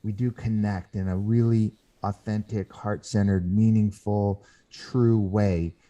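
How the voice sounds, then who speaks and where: Earnest man with a very dark voice. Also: fairly low pitch, steady tone, lo-fi sound. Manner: earnest storyteller who acts out quoted voices; halting, with frequent restarts. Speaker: guest author. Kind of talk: podcast interview.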